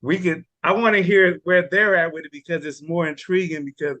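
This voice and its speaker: A man's voice: a little high, steady tone, a little fast, bright, forceful tone, dry recording, lo-fi sound. A man explaining a support and mentor group in casual, slangy talk. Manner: casual, slangy, repeats words.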